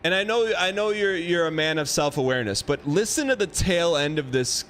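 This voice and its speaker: A man's voice: on the high side, expressive, fairly quick, fairly bright tone. A man hosting a gaming livestream, chatting casually, joking and reading out chat. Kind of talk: casual chat while streaming a game.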